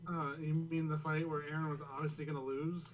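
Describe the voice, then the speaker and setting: A man chatting casually on a podcast, laid-back with quick asides. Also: fairly high pitch, little pitch movement, poor audio.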